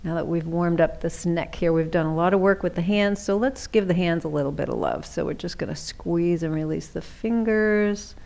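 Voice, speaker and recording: A middle-aged woman leading a seated yoga class, giving gentle, chatty cues and often checking in with "right?". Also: fairly low pitch, normal speed, creaky, few pauses. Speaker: chair yoga instructor.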